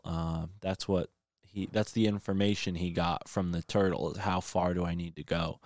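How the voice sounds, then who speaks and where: A man with a fairly low voice casually recaps a film in rambling fashion. He leans on lots of fillers and restarts as he goes, in a dry, close recording. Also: level tone, moderate pace, dry recording.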